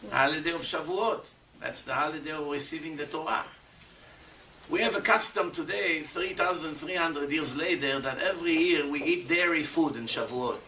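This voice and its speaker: A man, giving an animated lecture to an audience as a rabbi and acting out the voices of skeptics. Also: on the high side. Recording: echoey room, voice from far off, faint background noise.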